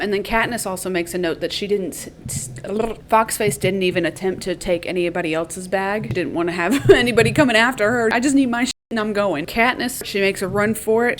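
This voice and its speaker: A young woman casually retelling a book's plot in an animated, chatty way, with the odd swear word. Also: medium pitch, slight background noise. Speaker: YouTuber recapping a book series. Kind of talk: casual spoken book recap.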